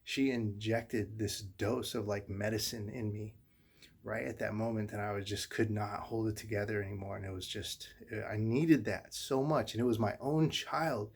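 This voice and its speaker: Husky-voiced father, halting and earnest. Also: fairly low pitch, steady tone. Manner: halting, repeats himself, earnest. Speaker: father telling a personal story. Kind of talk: emotional personal monologue to viewers.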